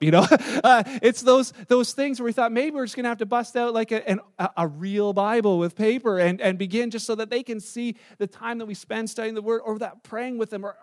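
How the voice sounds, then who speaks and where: Pastor, middle-aged man, high voice, dry close sound, relaxed storytelling sermon. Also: dry recording. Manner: conversational, storytelling with asides and restarts.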